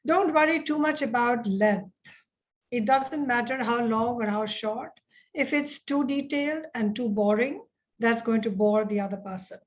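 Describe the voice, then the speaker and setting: A middle-aged woman, an educator with international experience, giving a measured lecture on application documents to students. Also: a little high. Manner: measured, explanatory, addresses students directly. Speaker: educator and admissions coach. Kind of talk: webinar lecture.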